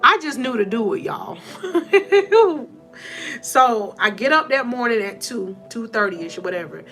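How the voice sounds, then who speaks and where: Woman host, faith-based motivational talk, high pitch, emotional storyteller who talks straight to her viewers as y'all. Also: lively intonation, unhurried, a bit bright, faint music behind. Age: adult with four sons. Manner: emotional, laughs and tears up.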